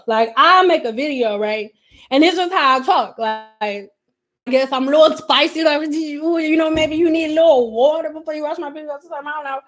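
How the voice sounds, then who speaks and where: A woman hosting a casual hair care livestream, talking animatedly with a sassy, blunt manner and swinging between loud outbursts and quiet asides. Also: high-pitched. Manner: says her own voice sounds a little aggressive.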